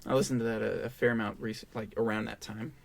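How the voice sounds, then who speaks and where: A man's voice: lowish voice, little pitch movement, fast talker, creaky. A man in his twenties, a podcast guest, telling a rambling, profane story in casual chat.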